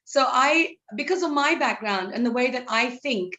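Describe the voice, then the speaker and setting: A woman's voice: sits high, lively intonation, normal speed, pushed and bright. A middle-aged woman counselor talking openly and chattily in an interview, laughing easily. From India. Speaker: psychology counselor. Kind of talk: interview conversation.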